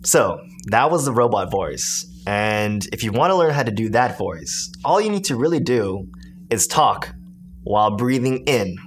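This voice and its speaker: A man's voice: on the low side, very animated, a little slow. A man casually teaching a beatboxing technique step by step. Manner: explains step by step with demo sounds. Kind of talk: casual tutorial.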